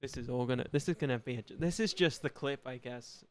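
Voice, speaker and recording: A young man signing off his gaming livestream, rambling and self-deprecating, often trailing off into quieter mumbles. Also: mid-range voice, a little fast, noisy background. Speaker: gaming streamer. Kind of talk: casual livestream sign-off chat.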